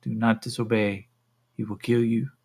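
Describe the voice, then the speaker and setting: A man's voice: fairly low pitch, level tone, normal speed, a little mellow, slightly rough. A man voicing a curt, commanding alien slaver woman with a Russian accent in a tabletop game. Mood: stern.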